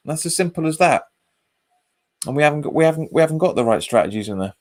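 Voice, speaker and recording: A man's voice: fairly high pitch, expressive, quick pace, long pauses. A man hosts a live football watch-along. He chats casually, repeats his phrases and reads viewer comments aloud. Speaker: fan channel host.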